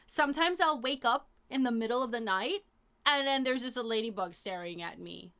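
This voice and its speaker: A young woman streaming live, chatting casually with her viewers in a rambling, animated way full of fillers and slang. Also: fairly high pitch, normal speed. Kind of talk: casual chat to a live chat audience.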